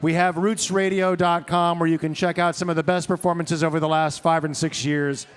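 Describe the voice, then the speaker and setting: A man on a live concert stage giving enthusiastic wrap-up announcements in a fairly high voice. He sounds eager and promotional, urging listeners to follow the show. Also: little pitch movement, a little fast, clear, resonant tone. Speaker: show interviewer.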